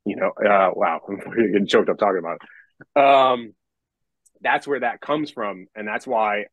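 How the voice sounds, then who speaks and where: Young man, low voice, rambling casual podcast talk, swears, dry close sound. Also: unhurried, no room sound, highs cut off. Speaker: metal musician and songwriter.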